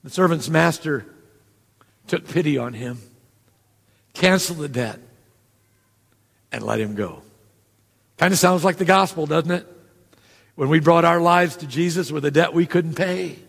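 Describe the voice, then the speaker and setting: Gravelly high-voiced preacher in a reverberant hall. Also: male voice, unhurried, long pauses. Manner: conversational preaching with asides and quoted dialogue. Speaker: pastor. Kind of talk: sermon.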